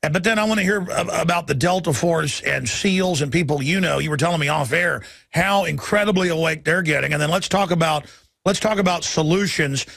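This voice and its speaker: Gravelly, husky radio host man. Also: fairly high pitch, fairly bright tone, no echo. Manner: rapid, urgent, stacks topics with many fillers. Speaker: radio talk show host. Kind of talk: political talk radio hosting.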